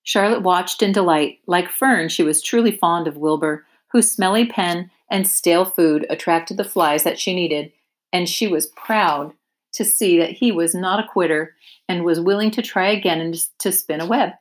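A woman teacher reading a children's chapter book aloud with clear, expressive narration. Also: on the low side, normal speed. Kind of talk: storybook read-aloud.

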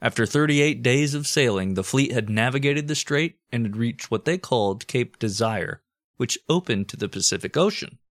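A man's voice: mid-range voice, normal speed, no room sound, studio quality. Profane joking man telling history. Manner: profane, joking, deadpan storytelling. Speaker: podcast co-host. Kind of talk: crude comedic history chat.

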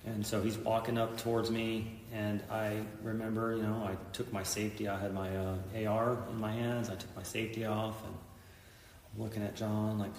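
A middle-aged man with a fairly low voice tells an intense story in an interview and acts out the lines people spoke. He is recorded from a distance in a room with a long, echoing reverb. A faint noise sits behind him. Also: level tone, normal speed, a little mellow. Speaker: police officer, guest.

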